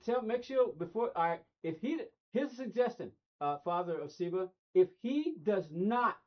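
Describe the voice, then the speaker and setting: A man's voice: high-pitched, animated, moderate pace. A middle-aged man streaming a racing game, rambling casually and talking straight to his chat. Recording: dull lo-fi stream audio.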